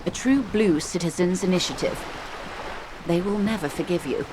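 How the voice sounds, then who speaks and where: A woman's voice: on the low side, normal speed, noisy background, close to an everyday voice. A woman voicing a wry, lecturing game figure. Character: erudite woman lecturing a detective, wry and knowing.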